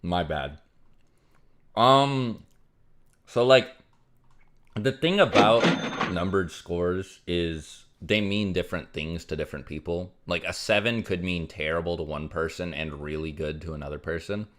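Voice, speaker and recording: A man's voice: deep voice, unhurried, a bit bright. A young man casually chatting on a livestream, rambling with many fillers as he reads out donations. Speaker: streamer.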